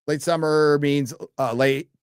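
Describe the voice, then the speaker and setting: A man's voice: fairly high pitch, steady tone, measured pace, clear, resonant tone, dry recording, clean studio sound. A man hosting a casual live stream, reading viewer donations and messages aloud with an offhand, crude manner and many fillers. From United States. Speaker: livestream host reading donations.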